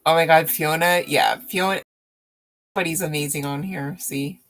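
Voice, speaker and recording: A woman's voice: low-pitched, fairly even intonation. A woman reading tarot on a live stream, chatting casually with viewers, laughing often and teasing them. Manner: slow, drawn-out speech with fillers.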